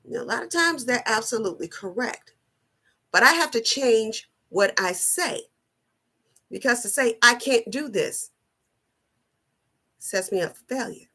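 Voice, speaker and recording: A middle-aged woman giving a personal motivational talk, slow, earnest and deliberate, often repeating her phrasing. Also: on the high side, lively intonation, pushed and bright. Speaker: wellness vlogger.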